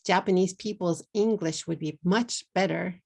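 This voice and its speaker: A middle-aged woman from the United States with a Texan accent, teaching an English pronunciation lesson and repeating words slowly for learners. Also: on the low side, gravelly.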